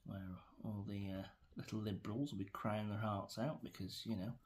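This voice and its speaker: A man's voice: lowish voice, fairly even intonation, normal speed, a little mellow, slight background noise. A middle-aged man with an English accent, rambling through an opinionated vlog rant with many fillers and restarts. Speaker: vlogger.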